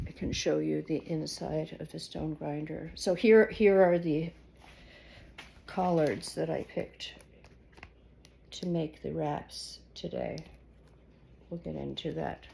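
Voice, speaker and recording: Rambling woman with a gravelly voice. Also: sits low, noisy background. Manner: rambling, hesitant, many fillers and restarts. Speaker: vlogger. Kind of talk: casual kitchen vlog. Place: home kitchen.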